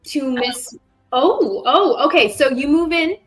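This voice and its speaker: A woman's voice: high voice, slow, faint music behind, rough recording. A woman narrating as game master of a tabletop game, rambling, correcting herself and adding sound effects.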